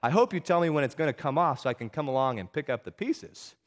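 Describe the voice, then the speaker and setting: A man voicing a calm, gently joking father in a story he reads aloud during a sermon. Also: on the high side, fast, close to an everyday voice. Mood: gentle. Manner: calm, teasing.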